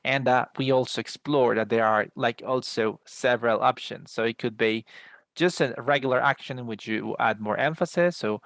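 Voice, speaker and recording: A man's voice: medium pitch, normal speed, a bit bright, dry recording. A man giving an English class over a video call, explaining patiently with many fillers and restarts. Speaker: English teacher. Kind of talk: online class instructions.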